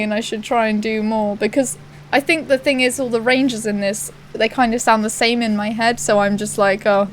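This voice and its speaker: A woman streaming a game, chatting casually and giggling with viewers. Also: fairly high pitch. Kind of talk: casual chat.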